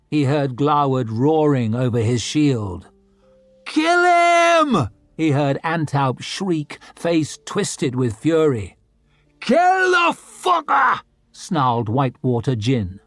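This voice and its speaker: A man narrating an audiobook in a measured, dramatic storytelling manner. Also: medium pitch, no echo.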